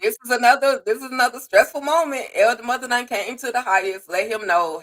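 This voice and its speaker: A woman's voice: fairly high pitch, brisk, few pauses, poor audio. Blunt, laughing woman co-host. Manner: blunt and expressive, cusses and laughs often. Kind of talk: casual live recap chat.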